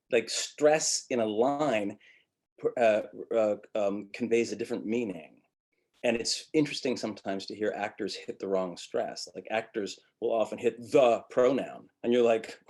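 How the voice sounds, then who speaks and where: A man's voice: lowish voice, moderate pace, a little mellow. A middle-aged man from Montreal teaching acting in a webinar, talking in a very melodic way and demonstrating with vocal sounds. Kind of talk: webinar lecture.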